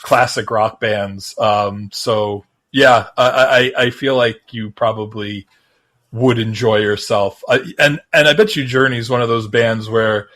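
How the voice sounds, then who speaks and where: A man co-hosting a music podcast in casual chat, talking in a rambling, halting but enthusiastic way. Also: lowish voice, fairly even intonation, a bit bright. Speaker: podcast co-host.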